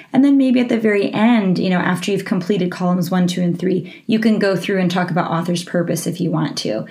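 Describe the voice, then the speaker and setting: A woman's voice: medium pitch, darkish tone. A woman hosting a teaching podcast, explaining a classroom reading lesson in a friendly way, with frequent ums and restarts. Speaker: literacy teaching podcast host. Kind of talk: instructional podcast talk.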